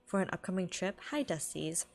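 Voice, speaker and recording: A woman's voice: lowish voice, animated, a little fast, a little mellow, faint music behind. A young woman from California chatting casually on a live stream, rambling, laughing often and filling her talk with "like".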